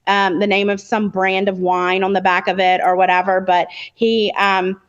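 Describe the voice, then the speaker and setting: A woman's voice: medium pitch, level tone, moderate pace, clear, resonant tone, dull audio. A woman guest telling a long story in casual chat, with frequent ums and likes. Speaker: podcast guest.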